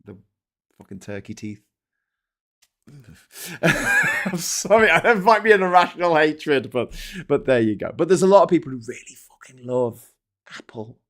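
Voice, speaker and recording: A man's voice: mid-range voice, wildly swooping pitch, measured pace, a bit bright. A middle-aged British man hosting a casual live stream, rambling, swearing often and mocking himself as he reads comments and papers. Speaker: host.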